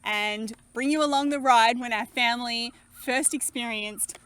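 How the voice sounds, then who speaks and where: A woman's voice: a little high, unhurried, fairly bright tone, clear, resonant tone. A woman with an Australian accent co-hosting a family vlog in a bubbly, teasing, laughing way. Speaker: co-host. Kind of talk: casual family vlog chat.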